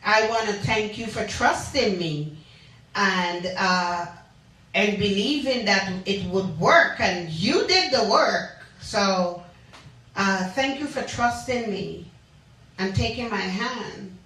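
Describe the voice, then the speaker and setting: Slow, chatty woman radio host in an echoey room. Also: mid-range voice, lively intonation, a bit bright. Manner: slow, chatty, calls out listeners by name. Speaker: radio talk show host. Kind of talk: call-in radio show. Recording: echoey, distant from the mic.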